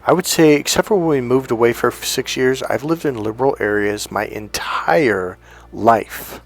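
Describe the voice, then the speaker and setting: A man's voice: mid-range voice, moderate pace. A man from the San Francisco Bay Area, a self-help coach talking in a casual, rambling opinion monologue that acts out the voices he quotes.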